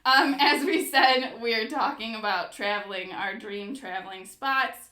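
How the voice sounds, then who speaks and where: An American woman co-hosting a casual chat, animated and giggly with lots of fillers. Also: fairly high pitch, a little slow, roomy sound. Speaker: co-host.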